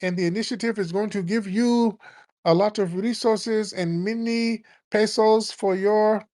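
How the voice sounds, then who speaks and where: A man's voice: high voice, fairly even intonation, measured pace, darkish tone, voice pushed up. A man putting on a woman politician's stiff, over-polite speech with a mock Latin accent.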